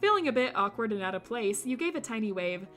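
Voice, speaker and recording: Bright-voiced woman streamer reading aloud. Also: a little high, fast talker, soft background music. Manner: animated, jokey asides with laughter. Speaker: streamer reading a visual novel. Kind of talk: reading aloud with playful commentary.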